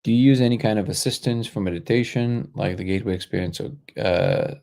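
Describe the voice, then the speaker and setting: Low-voiced man hosting a casual livestream. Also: a little fast, creaky. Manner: relaxed, thinks aloud, joking asides. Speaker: livestream host. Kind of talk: casual live chat answering viewer comments.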